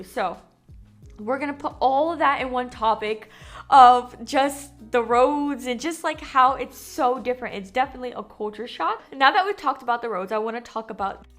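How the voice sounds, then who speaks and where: A young American woman chatting casually to camera in a vlog, talkative and animated with lots of fillers. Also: high-pitched. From United States. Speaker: vlogger.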